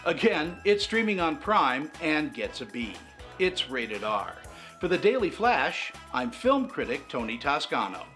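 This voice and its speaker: A man's voice: fairly high pitch, big pitch swings, unhurried, over music. A man who is a film critic, delivering a scripted movie review with an upbeat, punchy delivery.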